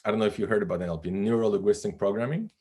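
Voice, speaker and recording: Low-voiced man telling a story. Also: racing. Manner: animated, self-deprecating, laughs often. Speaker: guest. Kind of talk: storytelling in a podcast interview.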